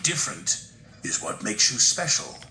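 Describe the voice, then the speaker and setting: A man's voice: fairly low pitch, sing-song, moderate pace, bright, forceful tone, slight background noise, pitched below the performer's own voice, full character voice. A man doing a proud, authoritative railway boss. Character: stout, dignified railway controller man. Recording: roomy room with background music.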